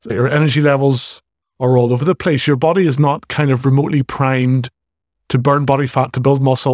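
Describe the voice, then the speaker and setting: A man's voice: mid-range voice, a little mellow, no room sound, studio quality. A man in his forties with a Northern Irish accent, hosting a solo fitness podcast in a casual, direct way with jokey asides. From Northern Ireland. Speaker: podcast host and fitness coach.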